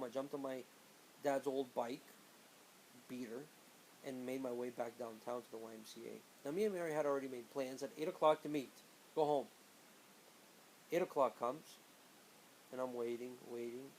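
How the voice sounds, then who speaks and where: A man casually telling a personal story, animated, acting out the people in it. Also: mid-range voice, a little hiss or hum, rough recording. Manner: animated, acts out quoted friends in raised voices.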